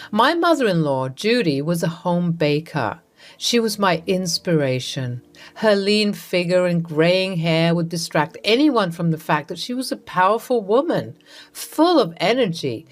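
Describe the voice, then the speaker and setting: A woman reading a first-person story with a dramatic, expressive delivery. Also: lowish voice. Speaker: story narrator. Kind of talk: first-person scripted narration. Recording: narration over soft music.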